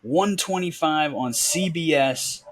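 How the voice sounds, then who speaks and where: A man's voice: on the high side, slow pace, no echo. A man co-hosting a casual sports podcast, easygoing and rambling as he gives his picks. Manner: easygoing, rambling, laughs often. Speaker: podcast co-host.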